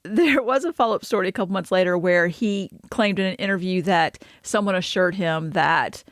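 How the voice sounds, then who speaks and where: A woman's voice: on the low side, normal speed, no echo, studio quality. A woman co-hosting a podcast, chatting casually with fillers and frequent laughs. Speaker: podcast co-host.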